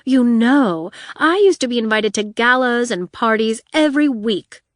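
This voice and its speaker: A woman's voice: on the high side, lively intonation, no room sound, studio quality, voice pushed up. A woman voicing a flamboyant, vain female supervillain who talks in a theatrical drawl. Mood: wistful. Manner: drawling, theatrical, drawn-out words.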